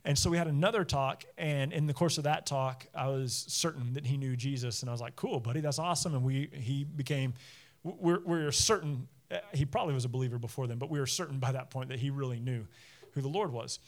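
At a church service, a pastor in his thirties or forties gives a conversational sermon built on chatty personal stories, laughing frequently. His voice is medium-pitched and fairly quick.

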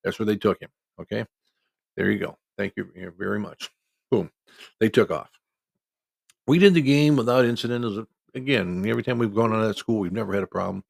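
A middle-aged man from Iowa recounts a story from his days refereeing football. He talks in a folksy, conversational way and voices the other people in the story himself. His voice is low and gravelly, and it is recorded close and dry. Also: a little fast, long pauses, no echo. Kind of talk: casual spoken storytelling.

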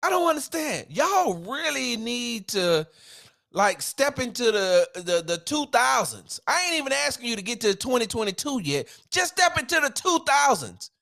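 A man's voice: very high voice, sing-song, moderate pace, gravelly, a bit bright. A man hosting a solo sports podcast, ranting in a heated, emphatic way with casual slang.

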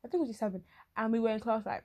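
Animated young woman, slangy. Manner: animated, slangy, quick asides, acts out others in shrill voices. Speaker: vlogger. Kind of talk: comic casual monologue to camera.

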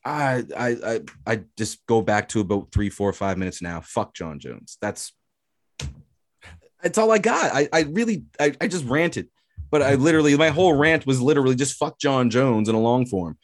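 Ranting podcast host, dry close sound. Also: male voice, medium pitch, animated, normal speed, no room sound. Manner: heated ranting, swearing, repeating himself. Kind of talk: casual sports podcast chat.

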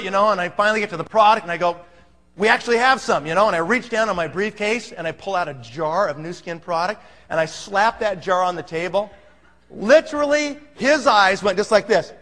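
High-voiced excitable male storyteller. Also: fairly quick, big-room sound. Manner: excitable, acts out quoted voices, laughs often. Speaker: speaker telling a business story. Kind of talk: animated storytelling talk.

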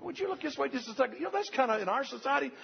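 A man's voice: very high-pitched, lively intonation, rapid-fire, vocal fry, slight background noise. An older man preaching a sermon, earnest and repetitive, speaking straight to the congregation. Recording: dull lo-fi recording.

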